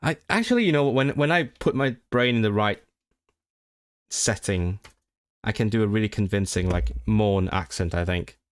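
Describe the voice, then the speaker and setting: A man's voice: on the low side, expressive, normal speed, smooth, no room sound. A young man learning Welsh, reading sentences aloud, repeating and correcting himself as he thinks aloud on a casual stream. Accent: non-native Welsh learner. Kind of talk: casual livestream study session.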